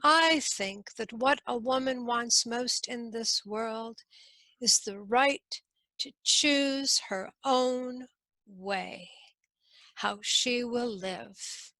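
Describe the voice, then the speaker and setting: A woman's voice: a little high, very slow, pushed and bright, no echo, heavily acted. A woman storyteller voicing an earnest, noble king who speaks in a raised, declaiming way.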